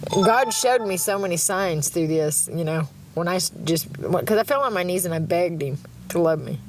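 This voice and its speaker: Lively, profane middle-aged woman. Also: fairly low pitch, moderate pace, noisy background. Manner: blunt, profane and rambling, laughs often, talks about God. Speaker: livestreamer. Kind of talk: rambling livestream chat.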